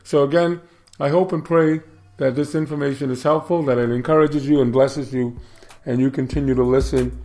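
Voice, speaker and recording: A man hosting a Bible commentary, preaching moral lessons and reading scripture aloud, measured and repeating words for emphasis. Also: mid-range voice, steady tone, darkish tone. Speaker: host of a Bible commentary show.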